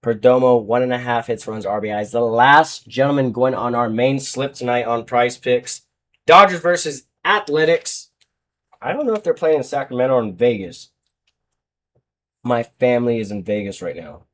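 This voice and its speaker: On his own show, a man casually talks through sports betting picks, rambling and correcting himself. He mumbles, then breaks into sudden loud outbursts, with a medium-pitched, animated voice at a normal speed.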